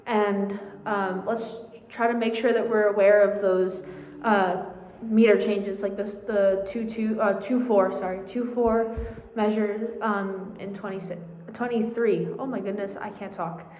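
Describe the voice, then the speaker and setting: A woman's voice: mid-range voice, steady tone, unhurried, a little mellow. Masked woman coaching viola in an echoey hall. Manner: chatty and informal, with frequent fillers and self-corrections. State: slightly out of breath. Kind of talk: casual practice lesson, counting beats aloud. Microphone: speaking through a face mask.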